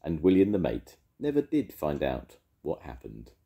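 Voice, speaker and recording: An older man, a storytelling grandad, reading a children's story aloud with expressive delivery. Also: extremely low pitch, moderate pace.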